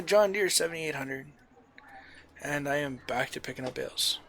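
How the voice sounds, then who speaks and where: A man's voice: fairly high pitch, moderate pace, slight background noise. A man streaming a farming game, chatting casually with friends on voice chat. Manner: upbeat and chatty, with loud showman greetings.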